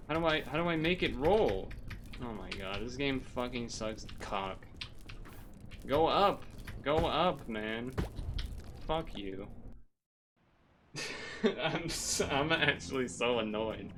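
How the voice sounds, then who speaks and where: A man's voice: mid-range voice, expressive, takes it slowly, pauses often, a bit bright, a little hiss or hum. A young man streaming a video game, grumbling, swearing and talking to himself about his frustrations. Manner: frustrated, swearing, muttering then exclaiming. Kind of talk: live gameplay commentary. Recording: faint game music behind.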